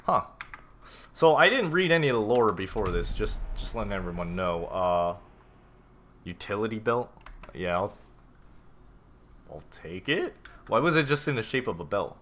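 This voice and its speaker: A man casually commenting on a game as he plays, reading notes aloud, swearing and reacting loudly. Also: fairly low pitch, sing-song, normal speed, long pauses, a little hiss or hum. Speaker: gameplay streamer. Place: home room with a cat.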